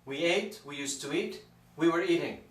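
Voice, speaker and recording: Man, slightly high voice, patient grammar teacher, recorded from a distance in a roomy space. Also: normal speed. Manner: patient, stretches out example words. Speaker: Spanish teacher. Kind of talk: explanatory lesson. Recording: echoey room from far off.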